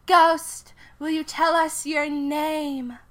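A woman voicing a cheerful young woman psychic medium who talks in a bright, matter-of-fact way. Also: high-pitched, level tone, very slow, voice pushed up. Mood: chirpy.

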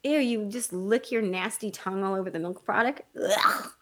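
Woman, casual chat, dramatic, animated storyteller, blunt, swears freely. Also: medium pitch, moderate pace.

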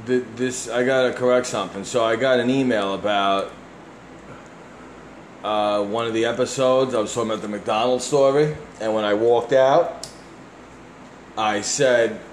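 Deep-voiced New York man hosting a podcast. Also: roomy sound, slight background noise. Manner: blunt and profane, reading listener emails aloud. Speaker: podcast host. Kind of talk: casual podcast chat.

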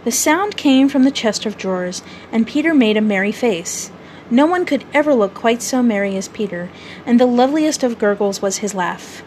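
Female storyteller reading aloud, measured and gently expressive, a bit high-pitched. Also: a little hiss or hum, low-quality recording.

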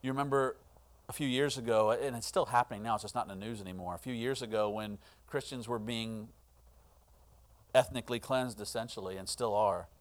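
A middle-aged male pastor delivering a sermon, swinging between hushed, earnest lines and loud, impassioned ones. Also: lowish voice, a little fast.

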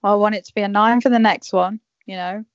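A woman hosts a casual podcast game, bossy and teasing. Her voice sits at a medium pitch. The sound is dry and close, but dull and lo-fi. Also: fairly even intonation, a little fast, dry recording. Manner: bossy, teasing, cheering others on. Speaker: podcast host running a game.

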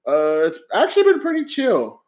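A man's voice: high voice, huge pitch swings, moderate pace, a little mellow. A young man co-hosting a podcast, telling stories in a laid-back way and swearing freely. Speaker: podcast co-host. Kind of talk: casual chat.

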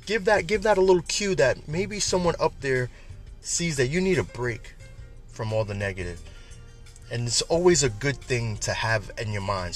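A man's voice: mid-range voice, fairly bright tone. Chatty man giving an uplifting talk. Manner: chatty, repeats words, laughs at own jokes. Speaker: podcast host. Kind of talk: casual uplifting monologue.

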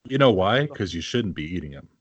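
New England man, podcast co-host, low-pitched, blunt and teasing, dry close mic. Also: big pitch swings, a little fast, breathy edge, dry recording, muffled recording. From Massachusetts, New England. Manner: blunt, teasing, swears freely. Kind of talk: casual chat.

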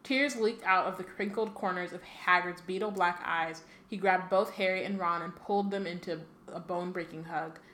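A woman's voice: on the low side, fairly even intonation, a bit bright. A woman podcast co-host who reads a novel aloud and chats casually, correcting herself often and filling gaps with 'like' and 'um'. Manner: quick reading with frequent self-corrections and fillers. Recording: echoey room with faint ambient noise.

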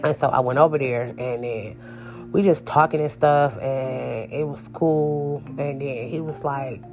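A woman's voice: extremely low pitch, steady tone, unhurried, a little mellow, soft background music. A woman telling a personal story in a casual, candid, emphatic way, speaking straight to her viewers.

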